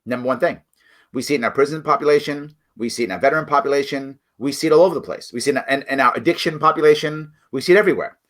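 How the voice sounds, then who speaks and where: A man's voice: mid-range voice, rapid-fire, a bit bright. A middle-aged man hosting a livestream political commentary show, talking bluntly and emphatically straight to his viewers.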